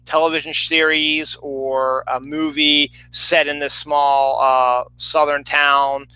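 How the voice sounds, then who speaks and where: A man's voice: on the high side, level tone, slow pace, bright, forceful tone, clear, resonant tone, no echo, low-quality recording. A man giving a casual, rambling film review, full of fillers and restarts.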